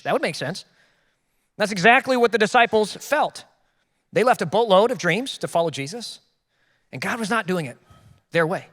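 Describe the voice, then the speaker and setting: A man's voice: high voice, expressive, normal speed, long pauses, fairly bright tone, long reverb tail. A young man preaching a sermon in a casual, conversational way, acting out quotes from the people he talks about. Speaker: pastor. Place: church hall.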